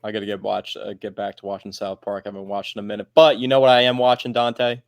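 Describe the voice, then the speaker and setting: A man's voice: fairly low pitch, little pitch movement, quick pace, no room sound, clean studio sound. A man co-hosting a casual sports podcast, teasing his partner and steering the topics. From Philadelphia area. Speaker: podcast co-host.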